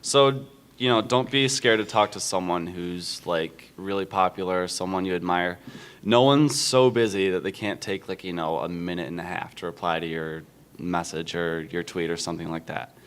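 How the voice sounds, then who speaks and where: Low-voiced young male panelist. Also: normal speed, smooth. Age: young adult. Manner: relaxed, rambling with fillers. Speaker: convention panelist. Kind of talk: casual panel talk.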